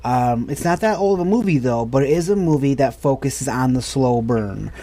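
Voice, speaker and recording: A man's voice: mid-range voice, lively intonation, normal speed, mellow. An American man in his thirties, co-hosting a podcast in a rambling, enthusiastic casual chat full of restarts. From United States. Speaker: podcast co-host.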